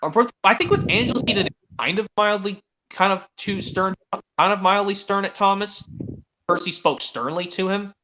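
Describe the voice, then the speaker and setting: A man's voice: sits high, normal speed, bright, forceful tone, slight background noise. A man streamer in casual chat, rambling with lots of restarts. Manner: rambling, full of restarts and fillers.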